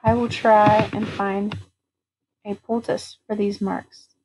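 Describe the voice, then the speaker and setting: A woman voicing a courteous, dutiful male captain in an audiobook reading, speaking formally and gently. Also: medium pitch, flat delivery, slow pace, a little hiss or hum, lightly acted, rough recording.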